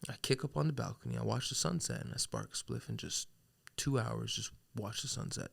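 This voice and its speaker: A man as a podcast guest, talking in a relaxed, reflective way and laughing often. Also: medium pitch, fairly quick, creaky. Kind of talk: casual chat.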